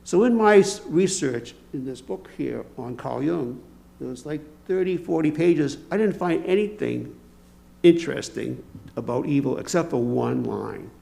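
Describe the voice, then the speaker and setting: Folksy older man with a gravelly voice. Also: fairly high pitch, expressive, measured pace, dark tone. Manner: folksy, anecdotal, acts out dialogue. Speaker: lay speaker at a church service. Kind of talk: conversational sermon with storytelling.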